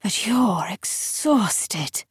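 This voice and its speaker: A woman voicing an ancient undead female lictor in an audiobook, speaking slowly and quietly in a breathy half-whisper with a taunting, menacing manner. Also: mid-range voice, animated, no room sound, studio quality, heavily acted. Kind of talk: audiobook character voice.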